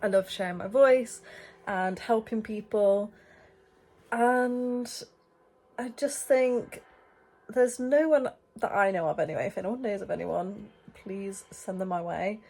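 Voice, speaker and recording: A woman's voice: medium pitch, unhurried, a little mellow. A young woman vlogging from bed, chatting casually and a bit rambling, her voice still stuffy from a head cold. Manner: chatty and rambling, many fillers. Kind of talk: casual chat to camera. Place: in bed, indoors.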